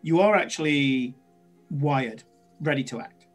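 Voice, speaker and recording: A man's voice: medium pitch, a little slow, soft background music. A man running a tabletop game as game master, in a casual, chatty way with many fillers.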